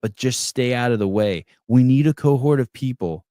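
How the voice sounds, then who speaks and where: A man's voice: mid-range voice, normal speed, mellow, clean tone, dry recording, clean studio sound. Blunt, profane man hosting a podcast. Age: adult with children. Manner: blunt and profane, restarts words often. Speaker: podcast host. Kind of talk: casual live call-in chat, reading viewer comments.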